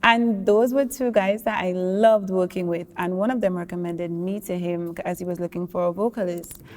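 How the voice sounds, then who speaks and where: Low-voiced woman singer, reverberant hall. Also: normal speed. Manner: relaxed, laughs often, thoughtful. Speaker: singer being interviewed. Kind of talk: casual interview talk.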